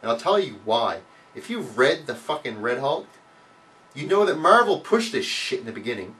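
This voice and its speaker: Animated, profanity-heavy male vlogger. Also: normal speed, far from the mic, a little hiss or hum. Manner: swears a lot, mocks with loud high outbursts. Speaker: vlog host answering viewer questions. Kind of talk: casual profane rant to camera.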